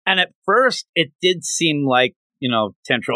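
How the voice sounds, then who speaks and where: A man hosting a podcast, recapping a manga chapter in animated casual chat with lots of fillers. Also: fairly high pitch, normal speed, hardly any pauses, no room sound. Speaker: podcast host.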